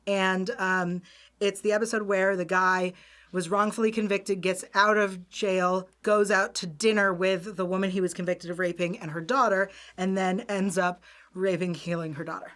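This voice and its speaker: A woman's voice: mid-range voice, level tone, moderate pace, fairly bright tone. A woman co-hosting a casual TV recap show, recapping plots in long run-on strings and laughing often. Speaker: podcast co-host.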